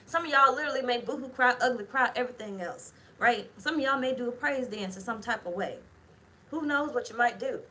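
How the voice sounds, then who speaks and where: Woman tarot reader, bright edgy tone, profane and blunt, chatty delivery to camera. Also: fairly high pitch, low-quality recording. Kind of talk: casual tarot reading to camera.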